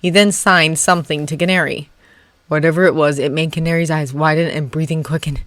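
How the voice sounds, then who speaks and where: A fan reader narrating a story chapter with an expressive delivery. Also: medium pitch, a little fast, no echo. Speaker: fanfiction reader. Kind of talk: audiobook narration.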